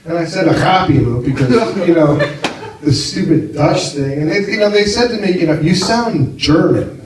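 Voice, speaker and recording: An American man doing a chatty, self-mocking stand-up set on stage, often laughing at his own lines. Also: high voice. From United States. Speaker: stand-up comedian. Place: comedy club stage with a live audience. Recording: far-off echoey club with crowd. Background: audience laughter.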